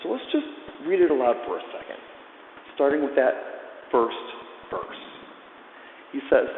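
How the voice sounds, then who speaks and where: An eager man walks dancers through his line dance routine, counting out the beats as he teaches. His voice has an ordinary, middle pitch. The sound is thin and phone-like, with a long hall echo and faint noise behind it. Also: sing-song, a little slow, long pauses. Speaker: line dance choreographer and instructor. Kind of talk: instructional dance breakdown.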